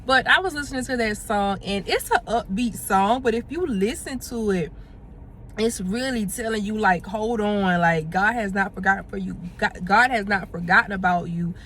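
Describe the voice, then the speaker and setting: A woman's voice: mid-range voice, moderate pace, fairly bright tone, slight background noise. A woman, vlogging casually while running errands, chatty and heartfelt. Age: 20s. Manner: chatty and heartfelt, drifts into sung lines and praise. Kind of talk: casual vlog chat to camera. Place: out and about running errands, in a car and stores.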